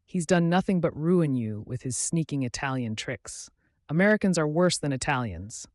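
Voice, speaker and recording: A woman's voice: low-pitched, expressive, normal speed, darkish tone, no echo, clean studio sound. A man voicing a reproachful, sobbing Scottish woman friend in an audiobook. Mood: scolding.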